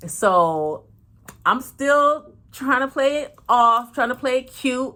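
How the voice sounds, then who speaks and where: A lively woman, telling a story in a casual storytime vlog. She is frank and slangy and curses freely. Her pitch leaps high and drops low as she plays out each person's lines. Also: moderate pace. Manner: animated, acts out every voice with big pitch swings. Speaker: channel host.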